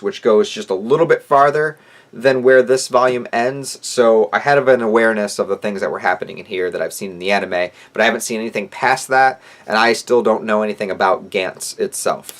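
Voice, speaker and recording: Enthusiastic man reviewing manga. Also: fairly low pitch. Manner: enthusiastic, rambling, lots of fillers. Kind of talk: casual video review.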